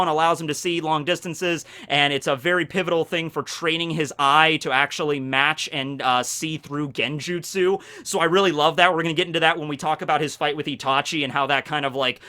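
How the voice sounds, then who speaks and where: A young man talking casually and animatedly about an anime, rambling and poking fun at himself. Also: a little high. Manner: animated, rambling, self-mocking with quick laughs. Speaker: anime discussion youtuber. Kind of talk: casual video commentary.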